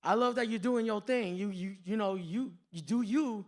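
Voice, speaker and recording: A man's voice: sits high, lightly acted. A comedian playing a laid-back male school staffer who stammers and drawls as he speaks. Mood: apologetic. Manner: slow, hesitant, stammering.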